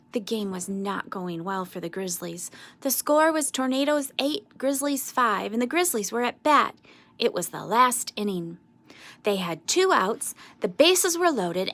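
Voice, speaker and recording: A woman reading a children's storybook aloud with expressive, sing-song narration. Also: fairly high pitch, dry recording. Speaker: storybook reader.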